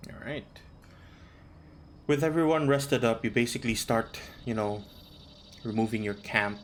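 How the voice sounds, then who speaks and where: A man narrates a tabletop game as its game master in an easygoing, unhurried manner, pausing with ums as he describes the scene. His voice sits at a middle pitch, and a faint hiss of background noise runs under the call. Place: home, online voice call.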